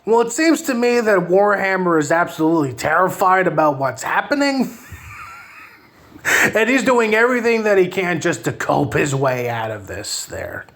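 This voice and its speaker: A man's voice: high-pitched, sing-song, normal speed, a bit bright. A man giving casual live-stream commentary, taunting and sarcastic toward the person he covers. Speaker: online commentator.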